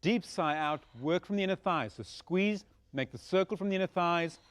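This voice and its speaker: Male Pilates instructor with a fairly high voice, calm breath-by-breath cueing, encouraging. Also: moderate pace, clean tone. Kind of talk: guided exercise instruction.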